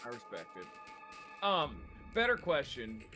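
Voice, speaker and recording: A young man hosting a let's play, chatting casually over a game in an excitable, jokey way. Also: mid-range voice, soft background music. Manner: excitable, jokey, quick to laugh. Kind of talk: casual gameplay chat.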